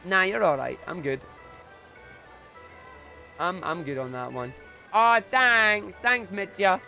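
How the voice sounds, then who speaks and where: A young man chatting casually on a live stream, excitable and prone to loud bursts of enthusiasm. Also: high-pitched, slow pace, gravelly, soft background music.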